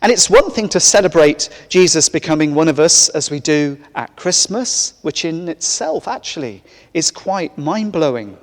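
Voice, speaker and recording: Vicar giving a chatty sermon, slightly high voice, long church echo. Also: male voice, animated, normal speed. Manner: warm, conversational preaching with light humor. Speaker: parish vicar. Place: large church. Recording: echoey church hall.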